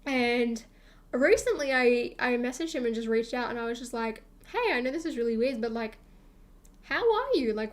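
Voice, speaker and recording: A young woman streamer rambling through a casual storytime chat, full of fillers and acted-out quotes of herself. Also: a little high.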